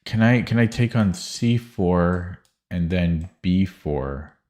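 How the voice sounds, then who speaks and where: A man with a very low voice talks to himself while working through chess puzzles. He mutters and hesitates, restarting his sentences and trailing off as he calculates, close to a desk mic. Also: slow, darkish tone. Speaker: streamer. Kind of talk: thinking aloud while solving chess puzzles.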